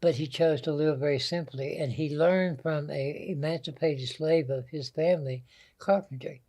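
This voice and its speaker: Older Southern storyteller, higher voice. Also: male voice, steady tone, normal speed, a little mellow. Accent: Southern American. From American South. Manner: folksy, anecdotal storyteller. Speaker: guest. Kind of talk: storytelling interview.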